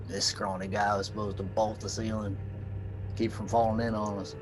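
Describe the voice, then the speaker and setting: A man's voice: lowish voice, flat delivery, normal speed, close to an everyday voice. An actor playing an aging coal miner and father, telling the story in a folksy drawl for a stage play. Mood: wry, reminiscing. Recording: noisy background.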